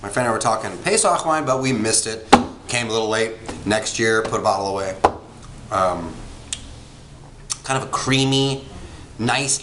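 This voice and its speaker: A man's voice: on the low side, normal speed, long pauses. Chatty man reviewing wine in an echoey room. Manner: chatty, rambling, frequent ums and self-corrections. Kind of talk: casual wine tasting review. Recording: echoey room with faint background noise.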